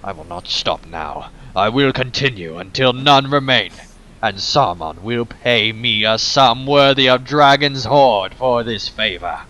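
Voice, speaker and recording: Dude doing a cocky cruel warlord villain, boastful and menacing, game lines read aloud. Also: male voice, mid-range voice, expressive, a little slow, bright, forceful tone. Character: arrogant male warlord villain, cruel and defiant. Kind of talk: reading game dialogue aloud in character.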